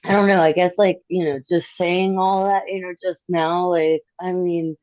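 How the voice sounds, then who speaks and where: A woman guest on a casual livestream, sharing memories in an earnest, halting way with many fillers. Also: fairly low pitch, level tone, darkish tone, no room sound. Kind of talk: casual chat, personal memories. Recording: slightly dull dry audio.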